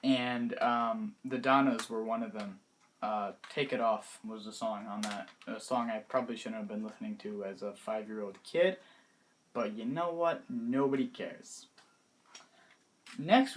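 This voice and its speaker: Hesitant young man chatting casually. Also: medium pitch. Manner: hesitant, many pauses and restarts, trailing off softly. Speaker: vlogger. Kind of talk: casual vlog about favorite music.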